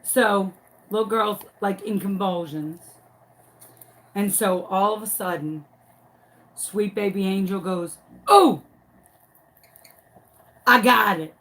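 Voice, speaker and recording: A woman telling a dramatic story in a casual, animated way while crafting at home. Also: medium pitch, takes it slowly, pauses often. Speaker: crafting vlogger and teacher.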